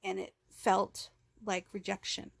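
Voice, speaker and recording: A woman's voice: medium pitch, completely flat delivery, takes it slowly, vocal fry, dry recording. A woman telling a raw personal vlog story into a handheld phone, rambling and emotional, with many restarts, speaking of herself as "we". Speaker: vlogger.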